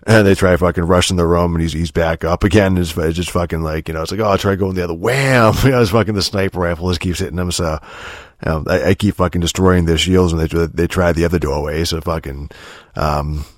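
Man, very deep voice, rambling profane gaming chat, dry close sound. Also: fairly even intonation, brisk, dry recording. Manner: profane, rambling, heavy filler words. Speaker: gamer telling stories. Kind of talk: casual rambling monologue.

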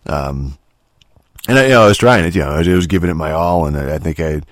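A grumpy man in his thirties hosting a show, ranting with constant swearing and halting restarts. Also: extremely low pitch, no room sound, studio quality. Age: 30s. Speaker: podcast host. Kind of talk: profane rant monologue.

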